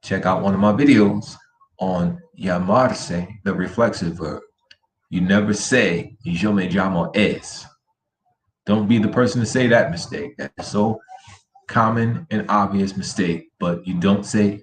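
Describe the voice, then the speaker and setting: A man teaching a Spanish lesson over a shared screen, slowly repeating words for students to copy. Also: sits low, steady tone, a little hiss or hum. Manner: slow, drilling words by repetition. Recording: roomy echo with faint ambience.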